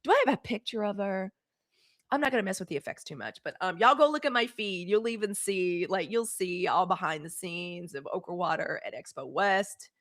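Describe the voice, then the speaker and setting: In a mid-range, animated voice that's fairly quick and a bit bright, a Mississippi woman with a Southern accent runs a casual livestream. She speaks right to her viewers, calls them y'all, and stays fiery and blunt, swearing as she goes.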